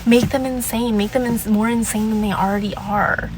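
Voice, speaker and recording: A woman's voice: a little high, steady tone, normal speed, noisy background. A young adult woman vlogging casual advice in a sassy, emphatic way, repeating her points. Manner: drops into mocking voices to quote people.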